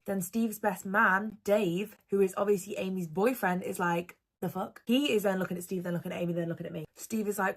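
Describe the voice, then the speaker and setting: A woman narrating a dramatic personal story, swinging between hushed asides and loud outbursts. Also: mid-range voice, normal speed.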